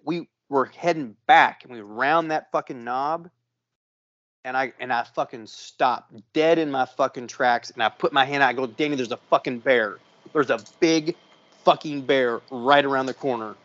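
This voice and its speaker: A man's voice: medium pitch, moderate pace, no room sound, muffled recording. A man telling a long story on a casual podcast, swearing often and acting out the other people in it. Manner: profane, animated storyteller. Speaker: podcast co-host.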